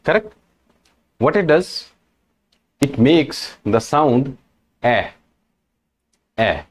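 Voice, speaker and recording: Guy teaching a lesson, slow and careful, voice goes up and down a lot, keeps saying right? correct?. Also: a little high, animated. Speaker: French teacher.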